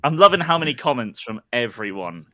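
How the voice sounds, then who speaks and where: A man on a football podcast panel, talking in a hesitant, halting way. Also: medium pitch, big pitch swings, sharp tone, no echo.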